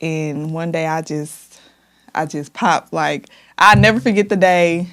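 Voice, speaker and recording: This young woman, a hairstylist appearing as a podcast guest, shares her life story candidly and with real emotion, peppering it with "like." Her voice is low, unhurried, and a bit bright.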